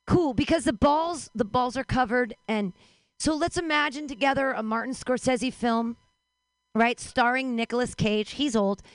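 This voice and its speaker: Woman stand-up host, fairly high voice, dry sound, playful. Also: no room sound. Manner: playful, building to excited shouts. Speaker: stand-up comedian and show host. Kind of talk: stand-up set.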